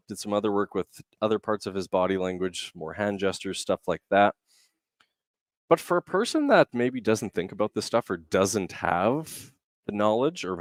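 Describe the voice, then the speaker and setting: A man's voice: lowish voice, dry recording. A young man coaching on public speaking over a video call, explaining emphatically and varying his pace to stress points. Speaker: communication coach.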